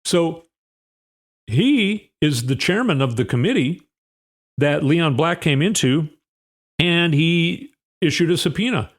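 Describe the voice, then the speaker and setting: A man's voice: a little high, expressive, a little slow. A man hosting a casual political commentary, reading news excerpts aloud with conversational asides.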